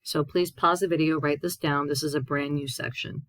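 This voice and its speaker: Low-voiced woman teaching a Spanish lesson. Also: steady tone, moderate pace, no echo. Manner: explains step by step, reads Spanish examples then translates. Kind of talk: recorded classroom lesson.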